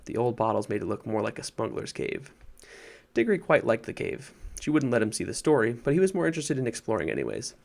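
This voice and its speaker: A man narrating a storybook chapter in a measured, gently wry way. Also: medium pitch, sing-song, gravelly.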